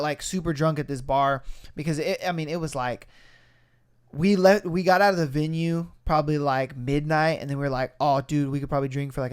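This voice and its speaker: A man's voice: on the high side, smooth. A young man hosting a podcast, telling a story in casual chat with lots of swearing and acted-out quotes. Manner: animated, swearing, acts out voices in quotes. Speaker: podcast host.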